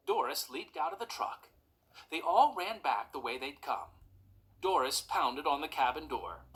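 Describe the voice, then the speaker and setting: Calm storybook reader, slow pace, pitch all over the place, bright sound. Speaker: narrator. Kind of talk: storybook read-aloud.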